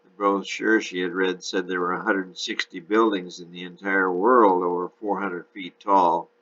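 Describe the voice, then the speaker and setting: A man narrating a novel chapter in a steady storytelling manner. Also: deep voice, moderate pace, dull audio.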